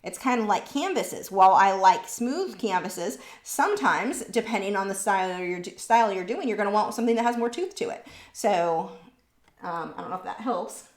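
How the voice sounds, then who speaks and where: A woman hosting a live painting stream, chatting casually and answering viewer questions, warm and talkative. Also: medium pitch, lively intonation, normal speed, echoey room. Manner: warm, chatty, easily moved, laughs between words.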